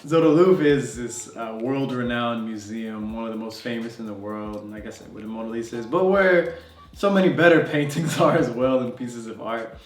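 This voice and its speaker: A man's voice: medium pitch, normal speed. A young man telling a travel story to camera in a loose, conversational way, with fillers and laughs. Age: young adult. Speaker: travel vlogger. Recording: roomy sound, distant mic, faint music.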